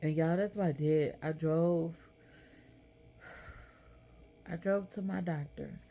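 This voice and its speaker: A middle-aged woman tells her own story to her viewers with candid emotion. Her voice sits low, with a gravelly edge. Faint background noise runs under the recording. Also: slow pace, dark tone. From Texas. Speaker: vlogger. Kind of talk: personal storytelling.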